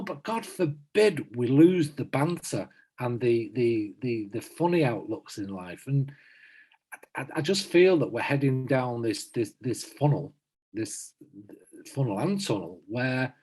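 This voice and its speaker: An earnest man in his fifties reflecting aloud in a relaxed chat with friends, often pausing and restarting. His voice is husky, and it rises and falls a lot. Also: medium pitch. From south Manchester, England. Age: 50s. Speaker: podcast co-host. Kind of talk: casual chat among friends.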